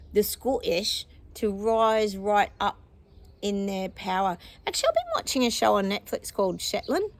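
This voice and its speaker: A woman's voice: mid-range voice, vocal fry. A woman with an Australian accent, a psychic chatting casually to her viewers in a meandering way, laughing often and drawing words out. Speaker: psychic giving predictions. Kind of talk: casual rambling monologue to viewers.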